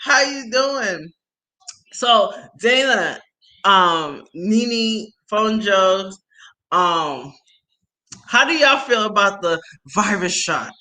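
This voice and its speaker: Woman livestream host, casual and slangy, lively storytelling voice, bright and forward tone. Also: medium pitch, extremely slow, poor audio. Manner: animated storytelling with slang and laughs. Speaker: livestream host chatting with viewers. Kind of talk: casual chat.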